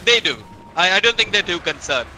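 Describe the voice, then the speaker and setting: A man casting a live esports match, excitable play-by-play that climbs during big fights. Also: sits high, a little fast, a little hiss or hum, low-quality recording. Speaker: esports caster. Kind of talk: live game commentary.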